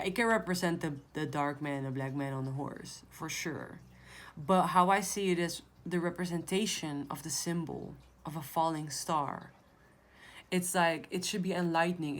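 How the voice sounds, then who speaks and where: A woman's voice: low-pitched, normal speed. A woman giving a casual tarot reading to her viewers, blunt and emphatic, swearing freely. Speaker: tarot reader.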